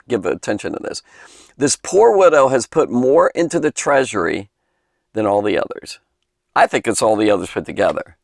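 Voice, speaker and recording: A man's voice: mid-range voice, no room sound. A man teaching a Bible lesson for kids in a chatty, enthusiastic way, wandering into asides and punching key lines. His voice sits mid-range and sounds close and dry, with little room sound. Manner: chatty, enthusiastic, digressive, emphatic.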